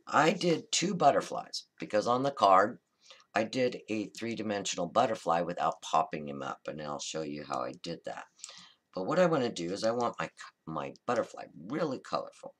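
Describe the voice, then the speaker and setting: A man hosting a card-making tutorial, talking through a coloring demonstration in a relaxed, chatty, reassuring way and often correcting himself mid-sentence. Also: low-pitched, moderate pace. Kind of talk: casual step-by-step crafting demonstration.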